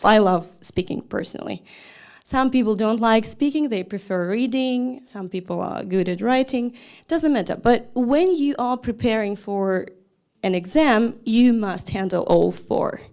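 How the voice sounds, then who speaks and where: A woman from Russia, a language teacher giving a lively lecture and answering her own questions. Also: a little high. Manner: lively, asks questions and answers them, talks straight to listeners. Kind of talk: lecture talk.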